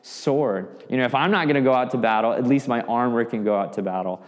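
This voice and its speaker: A man's voice: medium pitch, a little fast, lightly acted. A man voicing a self-serving king who bargains for a share of glory, in a reverberant hall. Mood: persuasive.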